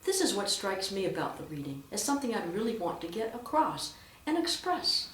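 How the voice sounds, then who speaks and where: A woman's voice: medium pitch, very animated, fairly quick, a bit bright, slight background noise. A woman teaching church readers how to read aloud, speaking with strong emphasis and reading examples expressively. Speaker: lector trainer. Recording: roomy echo, mic at a distance.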